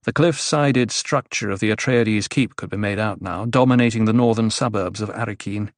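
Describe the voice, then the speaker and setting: A man's voice: lowish voice, normal speed, no echo. Man narrating an audiobook, dry sound. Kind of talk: scripted narration.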